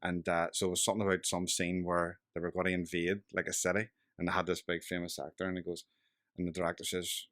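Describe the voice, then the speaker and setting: A man with a Belfast accent, a podcast guest telling lively anecdotes, swearing freely and laughing at his punchlines. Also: sits low, fast, no echo, studio quality. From West Belfast, Northern Ireland. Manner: animated yarn-spinning, swears freely, laughs through punchlines. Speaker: podcast guest, local politician. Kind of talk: casual storytelling chat.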